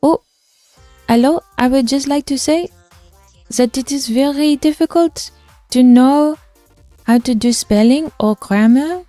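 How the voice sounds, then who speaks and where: Hammy mock-French lady , a streamer woman's put-on voice, higher and louder, stiff and over-polite. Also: unhurried, long pauses, dry recording, soft background music. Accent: fake French accent.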